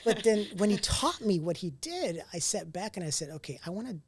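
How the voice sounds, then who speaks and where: A man's voice: high voice, fairly quick, slightly rough, no room sound. Casual storytelling man, dry sound. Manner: animated storyteller who acts out quoted dialogue; casual, occasional mild swearing. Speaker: entrepreneur guest. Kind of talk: conversational storytelling interview.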